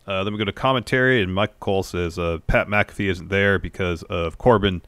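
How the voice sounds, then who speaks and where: A man co-hosting a podcast, calmly summarizing a wrestling show in a low-key, matter-of-fact way. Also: fairly quick, no echo. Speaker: podcast co-host. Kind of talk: casual wrestling recap.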